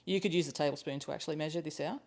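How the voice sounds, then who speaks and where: A woman with a slightly low voice runs a live cooking class from her home kitchen. She chats casually while she cooks, thinking aloud and laughing easily. The sound is low-quality livestream audio. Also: rapid-fire, a little mellow.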